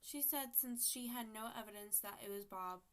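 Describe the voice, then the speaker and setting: A woman's voice: medium pitch, moderate pace. A teenage girl casually telling a personal story to her viewers, acting out text messages with lots of fillers. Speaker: storytime vlogger.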